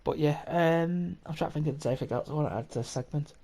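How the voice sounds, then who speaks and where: A young man hosting a podcast tells a story in casual chat, rambling and swearing, laughing often and restarting his sentences. His voice is on the high side and warm, and he talks fast.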